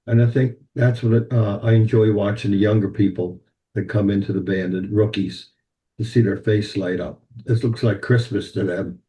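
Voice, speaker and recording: An older man, a guest on a podcast, recalling old times in an animated, anecdotal way. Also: fairly low pitch, normal speed. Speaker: band president, guest. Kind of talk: podcast interview, storytelling.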